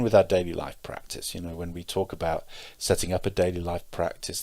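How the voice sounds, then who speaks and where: A middle-aged man giving a Zen dharma talk, telling stories in a hesitant way with many pauses and fillers. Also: low voice. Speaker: Zen teacher.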